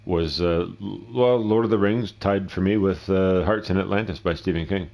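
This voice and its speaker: A man's voice: low-pitched, normal speed, darkish tone. A middle-aged man giving casual, rambling, profane commentary while streaming a game, often talking to himself. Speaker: gameplay streamer.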